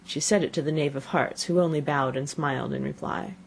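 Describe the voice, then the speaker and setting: A woman reading a classic children's story aloud as an audiobook narrator, with expressive storytelling. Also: low-pitched, brisk, creaky, slight background noise. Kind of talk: scripted narration.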